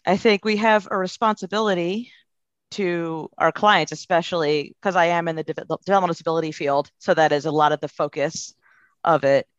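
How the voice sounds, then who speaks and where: A podcast guest, a behavior analysis professional, gives earnest, thoughtful answers in an interview. The medium-pitched voice has fairly even intonation and a slightly fast pace, and the dull, dry lo-fi recording has no room sound.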